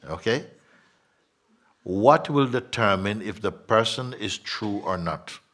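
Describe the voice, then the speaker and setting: A man guiding listeners as a spiritual teacher, soft-spoken, often dropping to a whisper and playfully acting out voices. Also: fairly low pitch, animated, takes it slowly.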